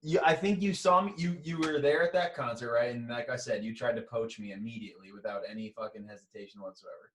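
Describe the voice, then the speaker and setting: Chill guy remembering how he joined the band, mid-pitched. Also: fast, few pauses, a bit bright. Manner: laid-back, swears in passing. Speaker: band member. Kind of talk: casual podcast chat.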